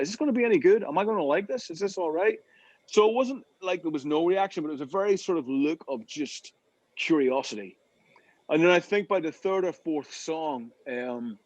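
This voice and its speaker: A man telling tour stories in a casual interview over a call, animated, often repeating words as he gets going. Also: medium pitch, no room sound. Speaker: interview guest, rock singer.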